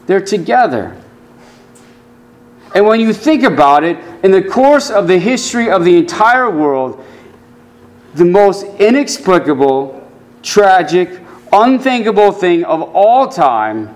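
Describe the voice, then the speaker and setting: Slow, earnest male preacher. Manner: earnest preaching, dropping low and soft for quoted scripture. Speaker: pastor. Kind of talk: sermon.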